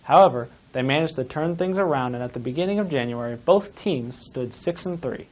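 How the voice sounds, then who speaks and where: A man's voice: medium pitch, animated, brisk, darkish tone, rough recording. A teenage boy anchoring a school newscast, reading his lines in a light, casual tone. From Ohio. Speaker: student news anchor.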